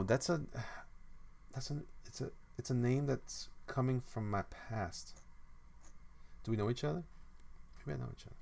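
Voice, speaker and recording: A man's voice: mid-range voice, brisk, gravelly. A man streaming as a comic artist, chatting casually and playfully with his viewers, often trailing off and repeating himself. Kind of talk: casual livestream chat, reading comments aloud.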